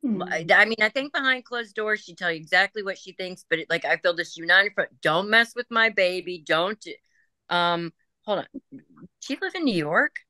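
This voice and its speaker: Chatty, bright-voiced woman medium. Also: on the low side, animated, normal speed, dry recording. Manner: chatty, laughing, relays messages in quoted voices. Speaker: psychic medium. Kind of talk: group reading session.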